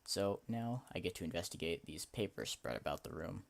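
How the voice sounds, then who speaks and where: A man's voice: low voice, big pitch swings, fairly quick, creaky. A young man casually commenting on and reading through a video game he made, in a lightly sarcastic way. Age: young adult. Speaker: game maker playing his own game. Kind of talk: let's play commentary and reading.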